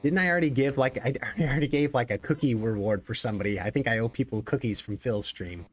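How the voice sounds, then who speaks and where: A man's voice: medium pitch, fast talker. Rambling jokey male stream host. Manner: rambling, jokey, many fillers. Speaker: executive producer and stream host. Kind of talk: casual live-stream chat.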